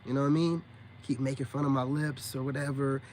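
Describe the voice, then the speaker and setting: Livestreaming to viewers, a man who calls himself a spiritual coach chats casually, drawling and teasing while saying "you know what I'm saying" again and again. His voice is medium-pitched, level, and a bit mellow, his pace quick, over slight background noise.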